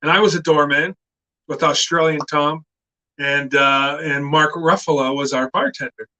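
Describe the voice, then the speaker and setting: Animated, bright-voiced middle-aged man. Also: a little high, normal speed, rough recording. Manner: animated storyteller who shouts out quoted lines. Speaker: guest actor. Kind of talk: casual storytelling chat.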